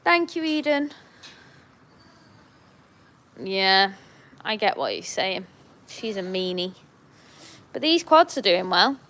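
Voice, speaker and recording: A woman's voice: medium pitch, very animated, slow pace, pauses often, fairly bright tone. A woman farmer chatting casually on a livestream from her sheep shed, fondly talking to her lambs between comments. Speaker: farmer vlogger.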